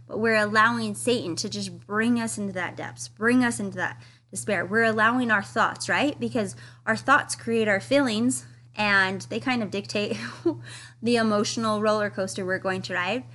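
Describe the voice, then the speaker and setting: A woman's voice: medium pitch, normal speed, bright, forceful tone. A woman giving a casual, earnest devotional study talk, reading quotes aloud with enthusiasm. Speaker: scripture study teacher.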